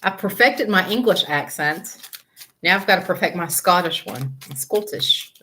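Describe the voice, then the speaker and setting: A woman's voice: on the low side, animated, moderate pace, bright, forceful tone, slight background noise. A woman tarot reader on a live stream, chatting casually with viewers, greeting them by name and laughing often.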